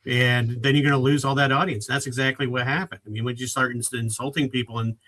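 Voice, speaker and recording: Fast, bright-voiced male guest, blunt and emphatic. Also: mid-range voice, little pitch movement, rough recording. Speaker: podcast guest. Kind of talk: casual chat.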